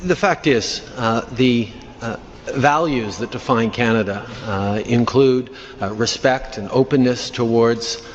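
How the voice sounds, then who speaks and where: A male politician answering a press question in a halting way, with many filler sounds. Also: mid-range voice, a little hiss or hum. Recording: archival clip, reverberant hall, dull audio, faint ambience.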